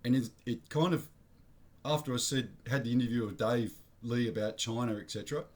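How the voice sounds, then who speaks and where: A man's voice: mid-range voice, fairly even intonation, brisk, darkish tone. Blunt, rambling Australian man. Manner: blunt, rambling, slangy, self-correcting. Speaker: vlogger. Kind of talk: casual opinion monologue.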